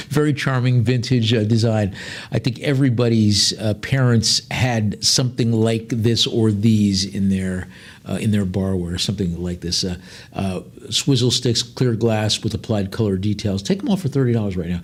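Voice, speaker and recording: A man's voice: lowish voice, moderate pace. A man working as an auctioneer at a live online sale, rattling off bid calls and tossing in chatty jokes between lots.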